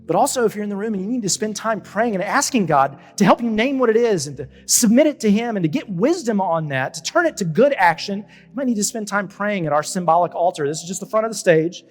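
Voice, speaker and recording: A younger man, a pastor, preaching a conversational sermon with animated stops and restarts. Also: sits high, quick pace, few pauses, faint music behind. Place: church auditorium. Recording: church hall with long reverb.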